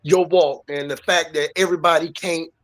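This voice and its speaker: A man from D.C. who is a guest on a casual talk show, speaking earnestly in a slightly high voice. He measures his words and often stops on an "um.". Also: fairly even intonation, fairly bright tone. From Washington, D.C. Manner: earnest, measured, with many "um" pauses.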